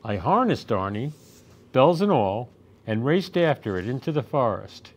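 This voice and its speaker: A man reading a children's picture book aloud at storytime, with gentle, expressive storytelling. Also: medium pitch, unhurried, lo-fi sound, a little hiss or hum. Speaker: storytime reader.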